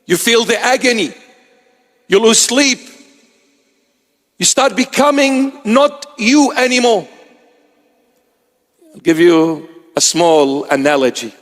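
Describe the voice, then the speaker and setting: A bishop preaches in a high, expressive, slightly bright male voice, taking it slowly with long pauses. He shares stories and acts out the people in them, and a long hall reverb fills the recording.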